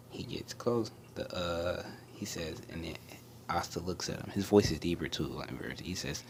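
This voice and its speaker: Young man, very low voice, hushed rambling fan storyteller, faint background hiss. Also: creaky. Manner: hushed, often half-whispered, rambling with many restarts and fillers. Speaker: anime storyteller. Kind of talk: casual fan-story retelling.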